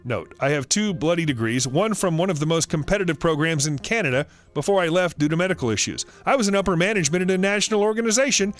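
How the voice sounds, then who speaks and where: A man narrating online first-person stories in a scripted, expressive reading, as the channel's host. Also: on the high side, fast talker, few pauses, faint music behind. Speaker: story narrator.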